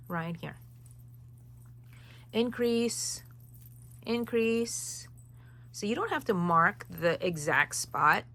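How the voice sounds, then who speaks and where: Her voice sits on the low side with vocal fry, yet it sounds bright and forceful. She's leading a crochet tutorial, chatting her way through each stitch in a loose, wandering style full of asides.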